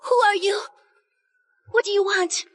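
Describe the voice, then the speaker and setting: An actress playing a proud, spoiled young noblewoman in an animated drama, talking in a shrill, pleading, emotional way. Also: a little slow. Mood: hopeful.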